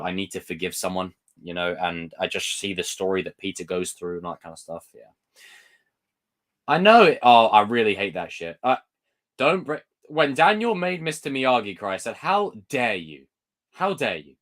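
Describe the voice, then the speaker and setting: A man's voice: lowish voice, fairly bright tone. A young man hosting a live stream, chatting casually about movies in a rambling way and acting out scenes in exaggerated voices.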